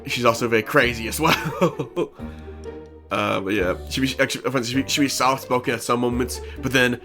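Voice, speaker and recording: A man's voice: medium pitch, steady tone, moderate pace, bright, forceful tone, soft background music. A man casually recapping a tabletop role-playing session, rambling with frequent restarts and playful sound effects. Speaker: player recapping a tabletop campaign.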